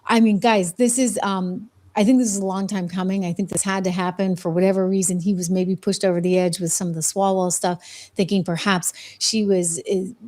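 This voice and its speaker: A woman's voice: medium pitch, steady tone, a little fast, darkish tone. A middle-aged woman hosting a daily news show, giving chatty, opinionated commentary with frequent fillers and restarts.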